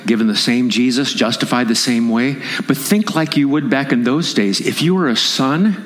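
A man preaching a sermon as pastor at a conference, impassioned and rising into emphatic raised appeals. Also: mid-range voice. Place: conference hall. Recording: long hall reverb.

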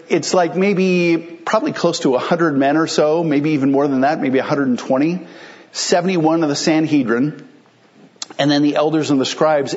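In a lo-fi recording, a man with a slightly high voice preaches as a pastor. His sermon is conversational and explanatory, built around rhetorical questions he then answers himself.

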